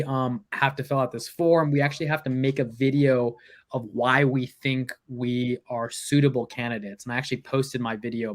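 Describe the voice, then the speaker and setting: A man's voice: mid-range voice, no room sound. A young man, a guest in an interview, casually telling his story with fillers and restarts.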